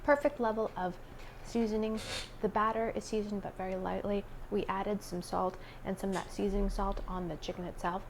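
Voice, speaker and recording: A woman's voice: mid-range voice, level tone, a little fast. Woman cooking host, food tasting narration, noisy recording. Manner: savoring, describes taste in detail.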